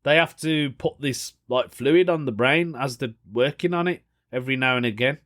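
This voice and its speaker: A man's voice: mid-range voice, normal speed, a bit bright. A man hosting a solo podcast, chatting casually, reading a news story aloud and reacting with amused disbelief. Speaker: podcast host.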